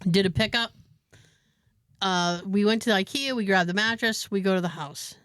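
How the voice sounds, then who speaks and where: A woman's voice: medium pitch, normal speed, clear, resonant tone, no room sound. Woman podcaster rambling thru a story, dry close sound, laughs a lot. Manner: animated storyteller, laughs often. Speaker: podcast host. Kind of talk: casual chat.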